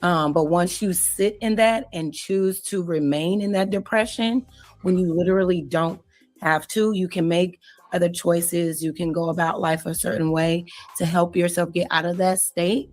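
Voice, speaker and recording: Female panelist, low voice, thoughtful and hesitant. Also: steady tone, moderate pace, darkish tone, faint music behind. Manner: thoughtful, many ums. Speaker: podcast panelist. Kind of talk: casual debate.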